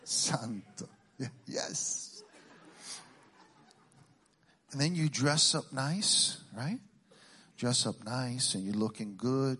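A middle-aged man from Puerto Rico doing a stand-up routine, teasing the crowd with quick questions and Spanish exclamations. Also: medium pitch, a bit bright, breathy edge. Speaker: stand-up comedian.

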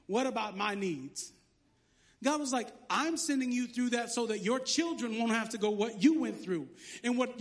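Man, pastor, lively sermon, high tenor voice, playful asides. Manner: lively, joking preacher with sarcastic asides.

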